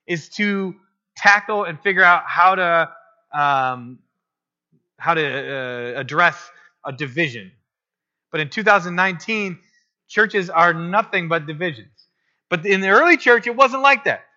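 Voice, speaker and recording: A man delivers a sermon in a relaxed, conversational way, doubling back on his words and tossing asides to his listeners. His voice sits high and sounds very bright and forward. The recording is slightly dull and muffled. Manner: conversational preaching with restarts and asides. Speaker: pastor.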